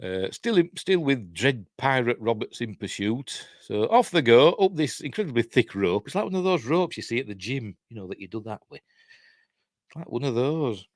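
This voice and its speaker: A man's voice: medium pitch, very animated, normal speed, no room sound, clean studio sound. A man giving a rambling, sardonic casual film commentary, chuckling often as he walks through a movie. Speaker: film reviewer.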